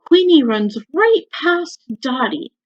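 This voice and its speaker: A woman teacher reading a picture book aloud to young children at home, stopping to ask them questions. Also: high voice. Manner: slow, animated, asks the children questions. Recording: dull lo-fi recording.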